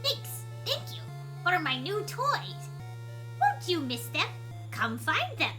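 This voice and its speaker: A woman voicing a shrill, gleeful little swamp imp that taunts the player in a video game. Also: wildly swooping pitch, slow pace, sharp tone, soft background music, heavily acted. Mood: taunting.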